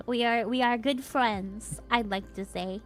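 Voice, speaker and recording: Young woman streamer, kinda high voice, giggles a lot, faint music behind. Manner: giggly, laughs often, chatty. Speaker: streamer host. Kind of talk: casual chat with viewers.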